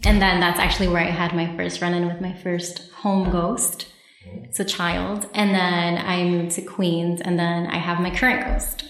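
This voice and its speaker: A woman's voice: fairly low pitch, level tone, moderate pace. A woman from New City, guesting on a podcast and telling stories in a chatty way, full of "like". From New York City. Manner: chatty, heavy use of "like". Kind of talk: casual storytelling. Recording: very echoey room.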